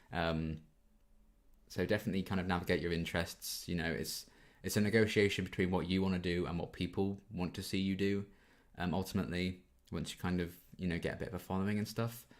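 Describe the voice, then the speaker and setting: A YouTube reaction channel host in his twenties, low-pitched, holds a casual Q&A. He reads the viewers' questions aloud and works through his answers conversationally with frequent ums.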